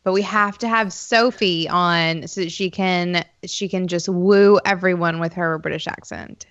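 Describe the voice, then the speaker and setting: A woman's voice: fairly low pitch, steady tone, measured pace, fairly bright tone. A woman co-hosting a podcast, chatting casually and teasing her guests. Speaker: podcast co-host. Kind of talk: casual interview chat. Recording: dull lo-fi sound.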